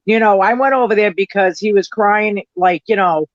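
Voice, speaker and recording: High-voiced chatty man, lo-fi audio. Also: moderate pace, no echo. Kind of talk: casual chat. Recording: dull lo-fi stream audio.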